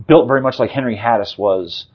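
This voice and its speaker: A man's voice: medium pitch, slightly rough, muffled recording. A man in his fifties, a sportswriter guest, talking off the cuff with lots of fillers and restarts in a casual sports interview. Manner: rapid off-the-cuff talk with frequent fillers and restarts.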